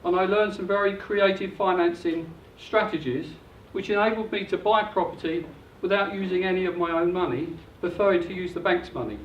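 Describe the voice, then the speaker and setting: A man's voice: high-pitched, brisk, hardly any pauses, slight background noise. An older man giving an upbeat, salesy property seminar presentation, recorded from a distance in a hotel function room. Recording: echoey dull room recording from afar.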